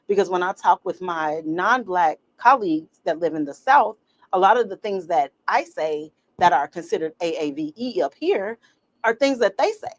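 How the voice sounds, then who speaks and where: A middle-aged woman talks casually as a podcast co-host. She tells stories with energy and acts out what other people said. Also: lowish voice. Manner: animated storyteller, acts out quotes. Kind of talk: casual chat.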